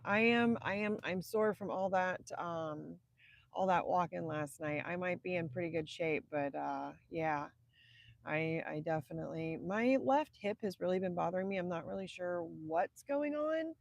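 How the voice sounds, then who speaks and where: Gravelly-voiced woman chatting to a live stream. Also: fairly low pitch, dry recording. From Indiana, US. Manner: chatty and rambling, stops to greet chatters by name. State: tired. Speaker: livestream host. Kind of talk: casual live-stream chat, greeting viewers. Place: inside a car at night.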